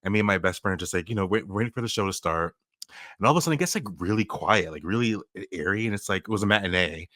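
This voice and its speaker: Low-voiced laughing male podcast host. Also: expressive, fast talker, no room sound, studio quality. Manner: warm, laughing, chatty. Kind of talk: casual podcast chat. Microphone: video call.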